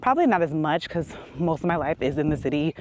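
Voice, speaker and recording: A woman's voice: sits low, very animated, quick pace, darkish tone, slight background noise. A woman, telling a story in a casual vlog while walking outdoors, a little out of breath. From New York City. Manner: chatty storytelling, acts out quotes with laughs. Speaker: beauty vlogger. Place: outdoors on a quiet country road, walking.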